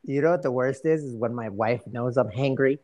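A man's voice: mid-range voice, moderate pace, darkish tone. Middle aged guy on a podcast, easygoing, tells funny stories and laughs along. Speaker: podcast co-host. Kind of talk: casual chat.

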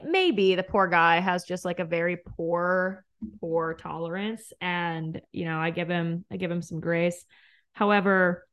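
A woman's voice: mid-range voice, a bit bright. A young woman in her twenties hosting a podcast, telling a dating story in a chatty way, laughing often and saying "like" a lot. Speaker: podcast host. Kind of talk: casual storytelling.

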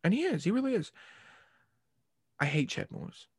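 A slightly high-voiced man hosts a casual sports podcast, drifting from point to point with jokes and heated rants. He swears freely. The recording is dry and close, with no room sound. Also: big pitch swings, normal speed, slightly rough, dry recording. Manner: rambling and jokey, swears and rants. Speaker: podcast host.

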